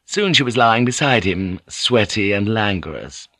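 Man reading a novel, bright clear tone, totally dry studio sound, measured. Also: lowish voice, sing-song, dry recording. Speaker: audiobook narrator. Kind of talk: scripted audiobook narration.

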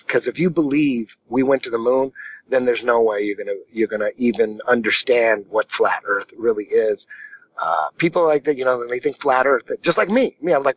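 A man's voice: medium pitch, no echo. Brief: casual male podcast guest, rambling storyteller, dull dry recording. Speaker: martial arts instructor, podcast guest.

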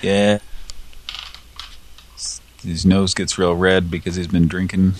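A man's voice: deep voice, little pitch movement, takes it slowly, slight background noise. A man co-hosting a casual comedy show, rambling and giggling through his jokes. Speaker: podcast co-host.

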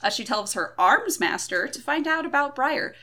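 A woman's voice: high-pitched, animated, moderate pace, pushed and bright. A woman co-hosting a podcast, recapping a book chapter in casual chat with wry, joking asides. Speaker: podcast co-host.

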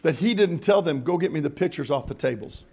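A middle-aged man preaching a sermon in a church, mixing jokey conversational asides with shouted, rising calls to the congregation. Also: on the high side, lively intonation, a little fast, gravelly, husky. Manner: preaching with call-and-response, building to shouts. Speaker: pastor. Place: church sanctuary.

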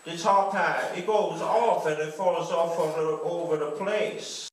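A man's voice: on the high side, steady tone, a little slow. A man performing a rambling, profane stand-up set on a comedy club stage, full of absurd observations. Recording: echoey live room, mic from a distance, faint hiss.

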